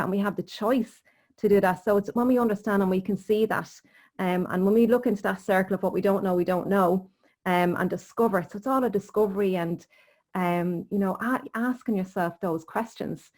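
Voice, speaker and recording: Woman host, mid-pitched, motivational, casual interview talk. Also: a little fast, darkish tone. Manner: earnest, encouraging, motivational. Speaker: podcast host, sleep coach.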